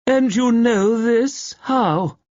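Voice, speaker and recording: A man's voice: sits high, very animated, slow, breathy edge, muffled recording, voice pushed up, full character voice. Man putting on a drunk slurring actress. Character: drunken slurring woman, former vampire actress.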